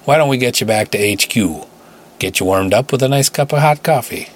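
A man's voice: medium pitch, lively intonation, a little fast, voice pushed up, close to an everyday voice. A man voicing an easygoing male police officer, casual and reassuring. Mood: friendly.

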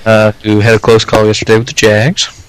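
A man's voice: fairly low pitch, monotone, a little fast, smooth, no echo, rough recording. A man co-hosting a casual podcast, bantering dryly about sports and celebrity gossip. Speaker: podcast co-host. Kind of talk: casual chat.

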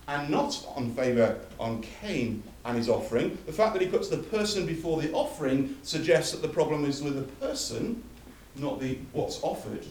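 A man's voice: fairly high pitch, lively intonation, normal speed, hardly any pauses, a little mellow, a little hiss or hum. A man preaching a sermon, emphatic and building through repeated phrases, recorded from a distance in a church hall. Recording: echoey hall from far off.

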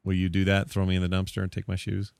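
A man's voice: deep voice, completely flat delivery, quick pace, creaky, a little mellow, clear, resonant tone, dry recording, studio quality. A man hosting a casual podcast, joking and rambling, sometimes correcting himself. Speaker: podcast host.

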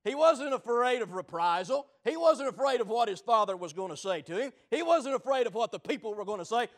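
A man preaching a sermon, telling stories dramatically, swinging between shouting and low murmurs. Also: animated, a little fast, few pauses.

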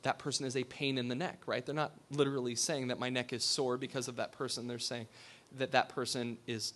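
A pastor giving a sermon. He talks in a conversational way, asks his listeners questions and drops to a hush for emphasis. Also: medium pitch, level tone, a little fast.

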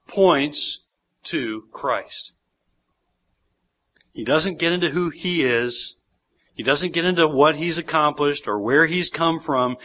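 A man pastor preaching a sermon in a church, animated and acting out the voices he quotes. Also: a little high. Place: church sanctuary. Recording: dull lo-fi sermon recording.

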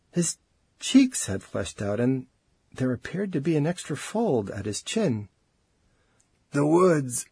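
A man reads an audiobook with expressive, dramatic delivery. His voice is husky and breathy, with a lively, wide-ranging pitch. The recording is dry and close. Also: no echo. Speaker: narrator. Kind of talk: audiobook narration.

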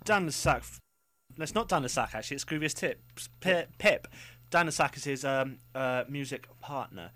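A man's voice: medium pitch, expressive, moderate pace, sharp tone, soft background music. Young man joking around on student radio. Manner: jokey, rambling, self-mocking. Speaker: radio co-host. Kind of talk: casual student radio banter. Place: radio studio.

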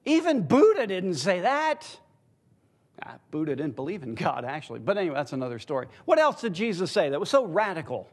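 Casting note: bright, high-voiced male Bible teacher, playful and chuckling, calls on the room for answers. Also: very animated, fast talker, few pauses, husky. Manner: teasing, chuckling, quizzes the audience. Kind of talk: interactive church Bible class. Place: church.

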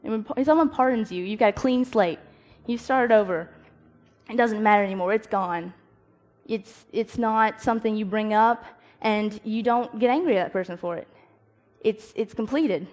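Young woman, devotional talk, storytelling, slightly high voice, reverberant hall. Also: normal speed, darkish tone. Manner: chatty, storytelling, acts out her own inner dialogue. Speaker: youth speaker.

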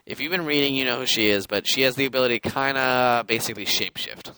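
A man's voice: mid-range voice, quick pace, sharp tone, slight background noise, low-quality recording. A young man co-hosting a podcast, chatting loosely about comics, rambling and laughing as he acts out what characters say. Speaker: podcast co-host. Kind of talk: casual comic book chat.

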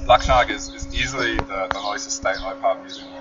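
A man's voice: lowish voice, steady tone, quick pace, over loud music. A man co-hosting a podcast, chatting casually over beers and swearing freely. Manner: laid-back, swears casually. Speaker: podcast co-host. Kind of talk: casual beer-drinking chat. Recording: distant lo-fi mic with hiss.

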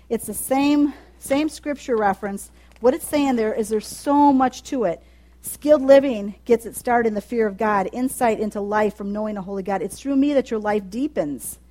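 A woman delivering a sermon with a somewhat high voice. She talks to the congregation in a chatty way, sinks quiet and low, then surges loud and high when she drives a point home. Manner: impassioned, swings from soft and low to loud and high; conversational preaching with asides to the congregation. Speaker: preacher.

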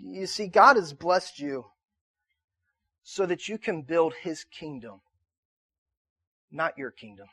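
Pastor, male, 30s, high voice, dry close sound, chatty sermon delivery. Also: animated, slow pace, pauses often, breathy edge, no room sound. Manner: conversational, repeats himself, builds to shouting in anecdotes. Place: church auditorium.

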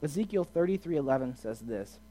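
A man giving a casual sermon as a youth pastor, chatty and asking his listeners questions, swinging from quiet to loud and emphatic. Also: mid-range voice, expressive, fairly quick, slight background noise. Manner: chatty, asks the audience questions.

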